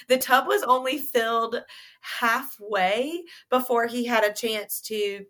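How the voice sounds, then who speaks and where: A woman's voice: a little high, takes it slowly, a bit bright. A young adult woman, a podcast guest telling a story in a casual interview. She talks animatedly and laughs and giggles often.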